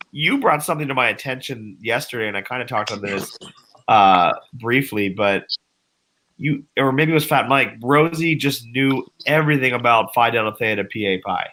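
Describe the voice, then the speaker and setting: A man hosting a live stream in casual chat, relaxed and inviting guests to share. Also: medium pitch, moderate pace, poor audio. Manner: relaxed, invites others to speak. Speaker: stream host.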